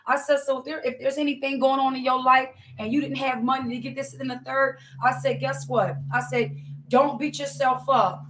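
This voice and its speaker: A woman's voice: high voice, little pitch movement, brisk, fairly bright tone, slight background noise. A woman giving a fervent testimony sermon, preaching to her listeners and often calling them y'all.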